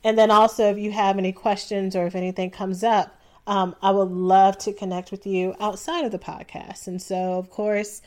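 A young adult woman hosting a solo podcast, talking casually and relaxed, with frequent ums. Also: mid-range voice, normal speed, few pauses. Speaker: podcast host.

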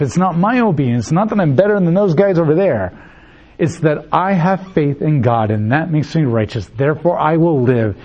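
A male pastor delivers an emphatic sermon, hammering home repeated phrases and briefly acting out both sides of a dialogue. His voice sits a little high for a man. The recording is dull and lo-fi, with the top end muffled. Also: a little mellow.

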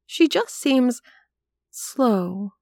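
A woman's voice: a little high, sing-song, drawn-out words, vocal fry, a little mellow, dry recording, clean studio sound, pitched above the performer's own voice, heavily acted. A woman voicing an anxious, doting young mother in an audiobook reading. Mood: fretful. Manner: earnest, eager, a little fretful.

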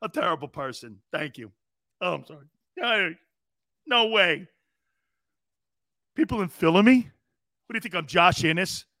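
A middle-aged man hosting a sports talk radio show, loud and joking, laughing often as he rambles. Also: sits high, expressive, takes it slowly, long pauses, no room sound, studio quality.

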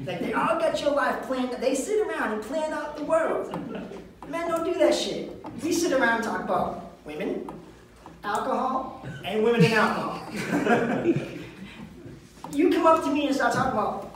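A man's voice: very high-pitched, animated, moderate pace, fairly bright tone, a little hiss or hum. A man from the telling profane stories in a stand-up comedy set at a live venue. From Lynn, Massachusetts. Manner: brash, profane storytelling. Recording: echoey venue from far off.

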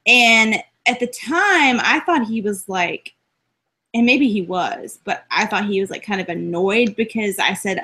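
Woman co-host, chatty and excitable, tends to ramble and laugh mid-sentence; voice sits a bit high. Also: moderate pace. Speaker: podcast co-host. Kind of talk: casual chat.

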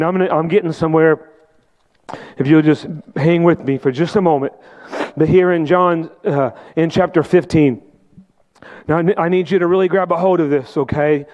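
High-voiced man preaching a sermon. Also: dull audio. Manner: impassioned preaching, rising to shouts; repeats "come on" to the congregation. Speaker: pastor.

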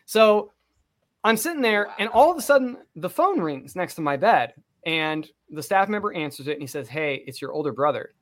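A man's voice: on the high side, sing-song, a little fast, few pauses, fairly bright tone. Profane young man telling a story. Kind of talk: casual storytelling.

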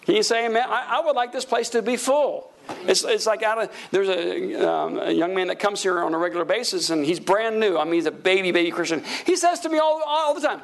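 High-pitched gravelly pastor. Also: male voice, a little fast. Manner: preachy, calls for amens, animated swings in pitch. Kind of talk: sermon.

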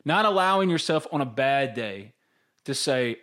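Medium in pitch and normal in speed, this man's voice carries his candid co-hosting on a relaxed sports podcast. He tells stories with energy, quoting his own inner voice.

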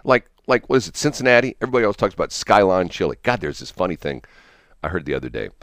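A man's voice: deep voice, rapid-fire, fairly bright tone, no room sound, studio quality. A man hosting a casual morning radio chat, rambling and chuckling, restarting his sentences often. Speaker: radio host.

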